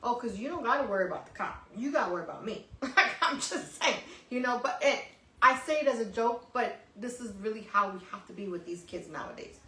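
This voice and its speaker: A woman's voice: a little high, expressive, fast, sharp tone, roomy sound, far from the mic, a little hiss or hum, rough recording. A woman co-hosting a casual talk show who speaks bluntly, swears freely and laughs often. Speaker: co-host. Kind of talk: casual chat.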